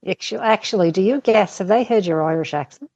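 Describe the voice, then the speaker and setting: A woman speaking as a podcast guest in casual chat, candid and searching for words, pausing and restarting. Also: medium pitch, darkish tone, no echo, highs cut off.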